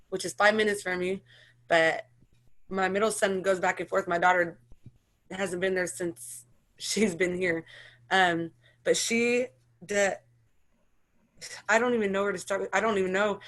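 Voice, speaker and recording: A woman in her thirties giving an emotional personal account as an interviewee, talking in halting, run-on sentences full of restarts. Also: medium pitch, fairly bright tone. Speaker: interviewee, mother sharing her story.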